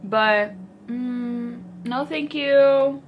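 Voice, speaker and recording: A young woman chatting casually as a book vlogger, animated and dramatic, with lots of filler "like"s. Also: on the high side, drawn-out words, dull audio, slight background noise. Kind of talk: casual chat.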